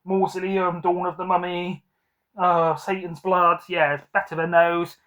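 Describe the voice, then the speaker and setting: A man's voice: high-pitched, level tone, unhurried, fairly bright tone. A man hosting a casual film review chat, rambling with frequent ums and likes. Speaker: film collector host.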